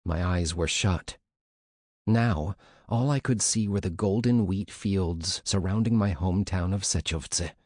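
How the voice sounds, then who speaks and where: A man narrating a first-person memoir audiobook in a measured, scripted storytelling manner. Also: low-pitched, darkish tone, no echo, studio quality.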